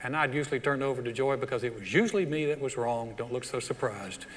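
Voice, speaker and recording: A middle-aged man preaching a sermon as pastor, animated and acting out the voices of churchgoers. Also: mid-range voice, quick pace, a little hiss or hum. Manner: animated preaching that acts out quoted voices of the congregation. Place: large church hall. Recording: long hall reverb.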